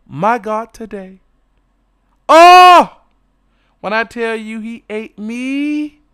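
A man telling an explicit personal story in a flamboyant, dramatic way, breaking into sudden loud exclamations. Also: high voice, smooth, no room sound, clean studio sound.

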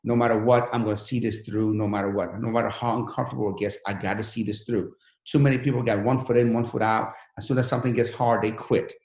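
A man's voice: lowish voice, fairly even intonation, quick pace, darkish tone, reverberant. A man who came to the country as a refugee, telling his life story in an interview in an earnest, motivational way. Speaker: guest.

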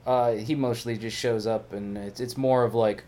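A man's voice: medium pitch, fairly even intonation, moderate pace, mellow. A man co-hosting a podcast, recapping a TV episode in rambling, profane, casual chat. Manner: rambling, profane, full of fillers and acted-out quotes. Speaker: podcast co-host.

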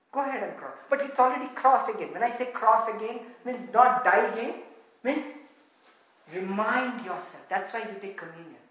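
A woman with an Indian accent preaching an impassioned sermon in a church, swinging from loud exclamations to hushed murmurs. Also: on the high side, very echoey, poor audio. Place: church in Texas.

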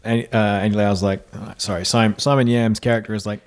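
A man in a casual film podcast chat, throwing in quick jokey remarks. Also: on the low side, little pitch movement.

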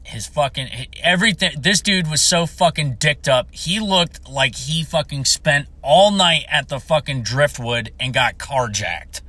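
Foul-mouthed Marine vet, bright and forceful. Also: male voice, a little high, expressive, measured pace, few pauses, no echo. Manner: heavy swearing, blunt and heated. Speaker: Marine veteran telling a story. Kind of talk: profane storytelling rant.

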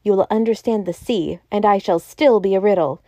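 Woman voicing enormous riddling man, smooth mocking tone, mellow, dry close sound. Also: medium pitch, fairly quick, dry recording, close to an everyday voice. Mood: grand. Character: huge, genial, riddling old male president.

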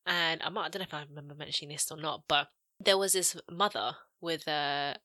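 A young woman co-hosting a podcast, blunt and expressive, swearing freely in casual chat. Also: low voice, fairly quick, no room sound, clean studio sound. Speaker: podcast co-host.

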